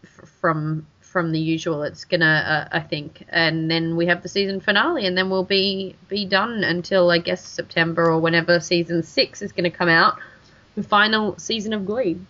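A chatty Australian woman co-hosting a casual podcast, her voice bright and forward. She trips over her words and restarts often. The recording sounds dull and lo-fi. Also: fairly low pitch, fairly even intonation, moderate pace. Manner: chatty, many restarts and fillers. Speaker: podcast co-host. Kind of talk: casual chat.

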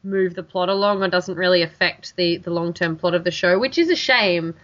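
A chatty Australian woman co-hosting a casual podcast, her voice bright and forward. She trips over her words and restarts often. The recording sounds dull and lo-fi. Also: fairly low pitch, fairly quick. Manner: chatty, many restarts and fillers. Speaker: podcast co-host. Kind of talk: casual chat.

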